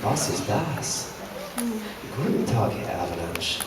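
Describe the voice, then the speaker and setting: Mock-menacing German-accented cartoon captor, put on by a man, slow and theatrical; captured from afar in a noisy hall. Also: lowish voice, big pitch swings. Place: large convention hall. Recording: echoey hall from far off, background noise.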